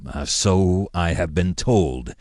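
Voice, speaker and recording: A man's voice: low voice, takes it slowly, darkish tone, dry recording, clean studio sound. A man voicing a careful, diplomatic male fleet commodore who chooses his words with restraint.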